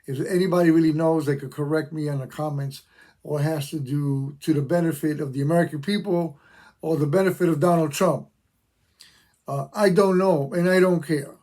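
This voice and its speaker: Here an older veteran YouTuber passionately airs his views to camera, stressing and repeating what he says. The voice is darkish in tone and on the high side.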